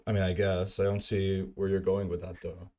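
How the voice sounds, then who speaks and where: A man's voice: sits low, little pitch movement, brisk, dark tone. A man in a casual voice chat argument, pressing his point with persistent questions. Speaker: voice chat participant.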